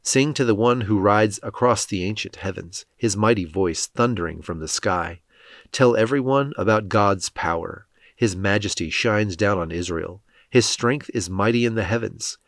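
A man reading scripture aloud as scripted narration, in a solemn, steady way. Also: lowish voice, moderate pace, no room sound, clean studio sound. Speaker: scripture reader.

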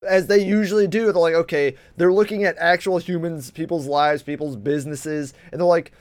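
Brief: male co-host, casual profane chat, animated, tight dry sound. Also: on the high side, brisk, dry recording. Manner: animated, swears a lot, acts out voices in quotes.

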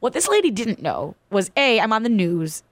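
A woman's voice: a little high, moderate pace, dry recording. A woman casually telling a personal story, acting out the voices of the people in it. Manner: animated, acts out quoted voices.

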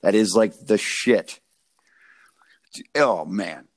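A man's voice: lowish voice, drawn-out words. A man in his twenties telling loose, profane stories in a casual podcast chat, full of fillers and laughing at his own jokes. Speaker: podcast co-host.

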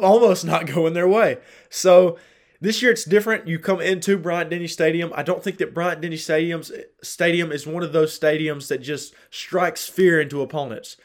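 Young man, solo sports podcast host, slightly high-pitched, chatty, laughs often. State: dry throat. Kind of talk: casual solo sports talk.

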